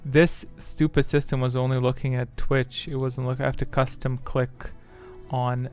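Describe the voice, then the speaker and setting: A man hosting a live-stream quiz, muttering to himself and grumbling at his software while he fixes settings. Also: medium pitch, level tone, normal speed, soft background music. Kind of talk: casual live-stream chat.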